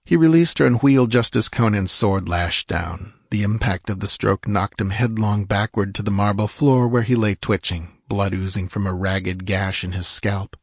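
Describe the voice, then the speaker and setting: A man narrating an adventure audiobook in a measured, dramatic way. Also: fairly low pitch, no echo, clean studio sound. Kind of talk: scripted narration.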